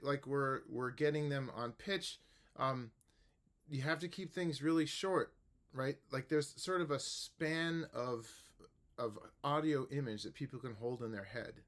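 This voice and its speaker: A man who teaches music, explaining a method to the camera in a relaxed, rambling way with many fillers and restarts. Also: mid-range voice, unhurried. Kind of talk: casual instructional talk to camera.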